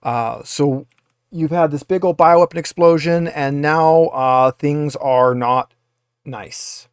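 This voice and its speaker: A man's voice: on the high side, slow pace, clean tone, no room sound, studio quality. A man running a tabletop game as game master, talking in a rambling way with many filler uhs. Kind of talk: narrating a tabletop game over a video call.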